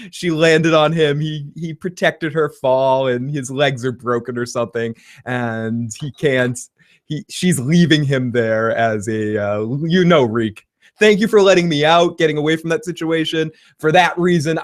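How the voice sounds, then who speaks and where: A man hosting a casual reaction livestream, rambling and joking, swearing freely and laughing often as he reads viewer comments. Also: mid-range voice. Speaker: livestream host.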